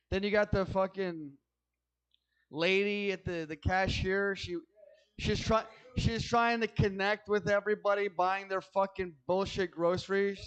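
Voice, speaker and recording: A man's voice: high-pitched, a bit bright, clear, resonant tone, poor audio. A man doing a stand-up comedy set, ranting in a profane, agitated way and stammering through restarts.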